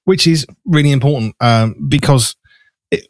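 A man from the Black Country with a softened Black Country accent, hosting a chatty radio interview and laughing easily. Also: medium pitch, expressive, moderate pace, dry recording. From Black Country, English Midlands. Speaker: radio show host. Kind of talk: casual interview chat.

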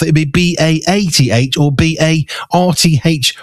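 Man, Black Country accent, radio host, rambling and self-mocking, slightly high-pitched, dry sound. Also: expressive, fairly quick, no room sound. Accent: Black Country English. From Black Country, England. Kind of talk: chatty radio talk between songs.

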